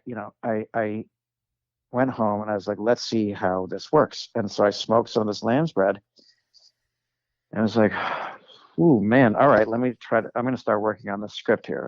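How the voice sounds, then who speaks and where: A man, a comedic actor, tells a long anecdote as a guest on a chat podcast. He rambles with fillers and restarts and slips into quick voices for the people in his story. The sound is close and dry, a bit dull and lo-fi. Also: on the low side, no room sound. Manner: rambling, many "like"s and restarts, acts out quoted voices.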